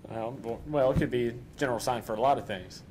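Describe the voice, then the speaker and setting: A man's voice: mid-range voice, fast, a little mellow, a little hiss or hum. A man, a police detective, testifying in court, answering deferentially with "yes, sir.".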